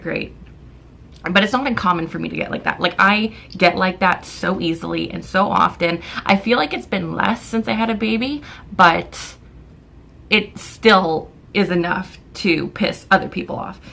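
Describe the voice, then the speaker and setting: A young woman from Canada telling a storytime vlog in an exasperated, swearing rant. Her voice is bright with a gravelly fry running through it. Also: lowish voice, a little slow. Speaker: vlogger.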